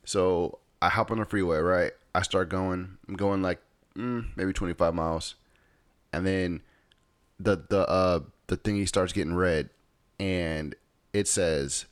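A man's voice: sits low, steady tone, a little slow, no room sound, clean studio sound. A man casually telling a rambling story at home, often checking in with his listeners. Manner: rambling, repeats "right?". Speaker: vlogger.

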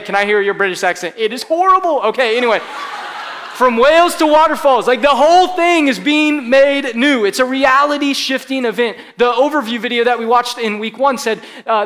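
High-voiced man preaching casually. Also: a bit bright. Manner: casual, chatty preaching with frequent "like" and audience banter. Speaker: pastor. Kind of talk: conversational sermon. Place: church service before a live congregation.

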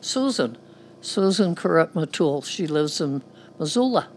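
Older woman telling stories slowly. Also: low-pitched, lively intonation, a little hiss or hum. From Montana, USA. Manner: slow, storytelling, matter-of-fact. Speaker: guest, former radio broadcaster. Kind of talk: casual interview chat.

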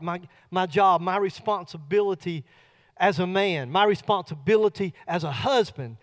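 Middle aged preacher guy, high pitched, folksy story sermon. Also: moderate pace. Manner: folksy storytelling, builds to loud bursts.

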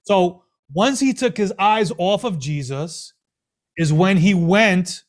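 A man preaching a sermon as pastor, animated and full of rhetorical questions and repeated phrases. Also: high-pitched, slow.

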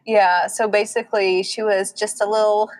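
A young woman with a Southern US accent co-hosting a casual chat, relaxed and recapping with acted-out quotes. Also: medium pitch, moderate pace, rough recording. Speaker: podcast co-host.

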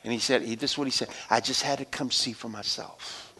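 A middle-aged man preaching a personal testimony as a sermon, conversational, swinging from loud exhortation to hushed storytelling. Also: mid-range voice, steady tone, brisk, slightly rough.

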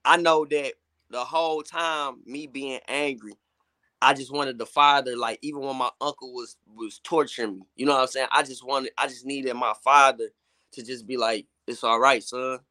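A gospel hip hop artist guesting on an interview speaks candidly in casual chat, often saying "you know what I'm saying." His mid-range voice is bright and forceful, with fairly even intonation and normal speed, in a dry recording.

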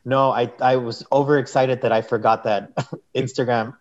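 A man's voice: mid-range voice, little pitch movement, normal speed. A man telling a personal story in casual conversation as an interview guest, rambling and saying "like" a lot. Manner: rambling, heavy use of "like". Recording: dull, muffled sound.

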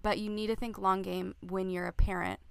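A middle-aged woman with a smooth, resonant voice talks earnestly about parenting. Her voice sounds dry and close, and she muses with plenty of fillers. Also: mid-range voice, flat delivery, brisk, no room sound. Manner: earnest, reflective, with many fillers. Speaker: podcast co-host. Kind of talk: casual parenting chat.

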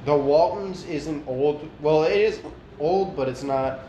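A young man chatting casually with his siblings, playful and quick to laugh. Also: on the high side, warm tone, highs cut off. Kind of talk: casual chat. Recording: echoey room with faint noise.

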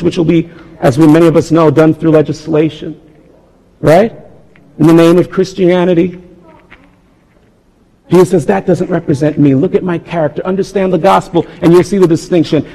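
A male pastor preaching a sermon, swinging between loud appeals and hushed, quiet tones. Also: fairly high pitch, fairly even intonation, normal speed, creaky, long pauses, slightly rough. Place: church sanctuary. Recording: long reverb of a large hall.

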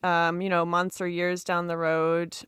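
A woman hosting a podcast in a relaxed, chatty way, easy to laugh and supportive. Her voice is smooth and clear, and the sound is dry and close to the mic. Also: fairly low pitch, a little slow, no room sound. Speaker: podcast host. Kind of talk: casual podcast interview.

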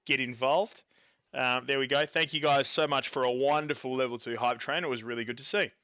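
A man in his thirties with an Australian accent, co-hosting a casual streamed gaming podcast in a rambling, excitable way. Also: medium pitch, brisk, no echo, highs cut off. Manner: rambling and excitable, with fillers and laughs. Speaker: podcast co-host.

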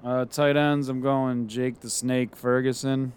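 A man's voice: mid-range voice, flat delivery, a little slow, a little mellow, smooth. A man co-hosting a casual podcast, reading out picks in an upbeat way and laughing often. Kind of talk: casual chat.

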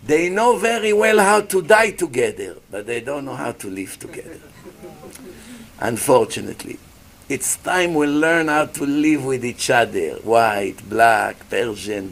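A man giving a lively sermon as a rabbi, acting out little scenes and asking his listeners questions. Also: medium pitch, a little slow, vocal fry, a little hiss or hum. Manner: animated preacher, acts out voices, asks the audience questions. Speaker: rabbi giving a Torah class.

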